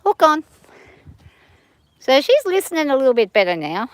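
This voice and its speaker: Middle-aged Australian woman, slightly high voice, chatty vlog, short calls to a horse. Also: sing-song, fast talker, a little mellow, dry recording, clean studio sound. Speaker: horse owner lunging her horse. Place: outdoor riding area.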